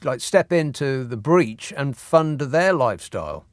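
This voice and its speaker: A man's voice: mid-range voice, very animated, unhurried, no room sound. Dry, sarcastic man hosting a radio show. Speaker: radio host. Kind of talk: radio phone-in chat.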